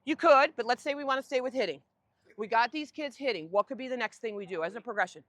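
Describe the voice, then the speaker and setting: A woman coaching a group on an outdoor tennis court, giving lively directions and asking the group questions. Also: on the high side, fast, no echo.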